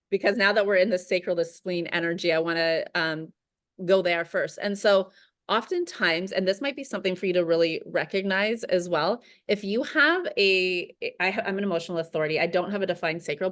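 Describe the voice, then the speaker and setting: A woman's voice: fairly low pitch, fairly quick, a bit bright. Earnest woman coach on a video call. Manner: earnest, reflective, heavy use of "like".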